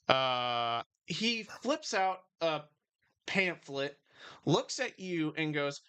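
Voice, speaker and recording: Slow-talking bright-voiced game master. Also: male voice, fairly high pitch, animated, clean tone, no room sound. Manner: halting, filler-heavy narration with frequent laughs. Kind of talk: narrating a tabletop game.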